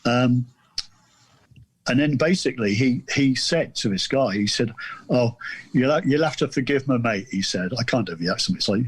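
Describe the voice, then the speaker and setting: A man's voice: medium pitch, animated, moderate pace, a little hiss or hum. A middle-aged man from the south of England telling a story on a podcast, rambling and self-deprecating, with many restarts. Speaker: podcast guest, author. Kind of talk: casual storytelling.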